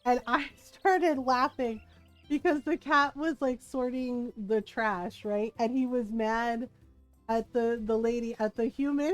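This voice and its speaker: With soft music behind her, a woman streaming a game talks at a measured pace in a fairly high voice. The recording has no room sound, and her casual, rambling chat is full of giggles.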